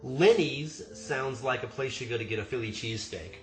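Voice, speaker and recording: A man who manages a tasting room chats casually and tells joking stories on a livestream from a home room. His mid-range voice, at a moderate pace, comes through a video stream mic in a rough recording with an echoey room and faint music behind.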